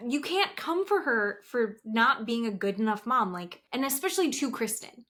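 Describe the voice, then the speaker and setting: A woman's voice: on the high side, sing-song, moderate pace, fairly bright tone. A woman in her thirties co-hosting a podcast, recapping reality TV in gossipy casual chat. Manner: gossipy, acts out quotes with voices. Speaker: podcast co-host.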